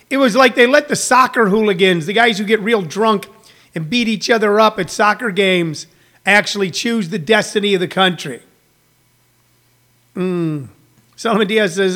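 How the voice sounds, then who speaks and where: A man with a notably high voice talks to his livestream viewers like a stand-up comedian. He riffs loosely, rambling through fillers as he jumps between bits. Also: moderate pace, sharp tone. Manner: riffing, rambling, with frequent fillers and put-on voices. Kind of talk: casual comedic livestream chat.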